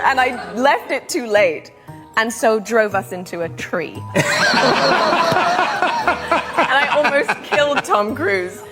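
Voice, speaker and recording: A woman as an interview guest, telling lively anecdotes and mimicking the people in them. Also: on the high side, slow, long pauses, over music. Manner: animated, mimics people in stories. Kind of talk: anecdotal storytelling.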